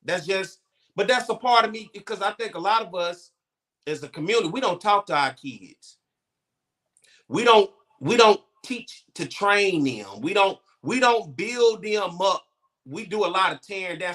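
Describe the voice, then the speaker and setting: Male co-host, high and bright, blunt, profane storyteller in casual podcast chat. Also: expressive, normal speed.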